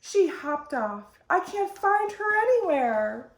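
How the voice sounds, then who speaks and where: A woman voicing a doting, easily flustered mother toad in a bright, fluttery motherly voice. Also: sits high, sing-song, slow pace, voice pushed up, full character voice. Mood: distraught. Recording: roomy echo.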